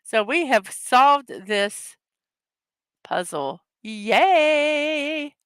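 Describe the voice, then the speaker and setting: A woman hosting a daily morning show in a casual, upbeat, chatty way, reading puzzle words slowly one at a time and greeting her viewers. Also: on the high side, lively intonation, pushed and bright, clear, resonant tone, dry recording. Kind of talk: casual livestream chat, reading puzzle words and memes aloud.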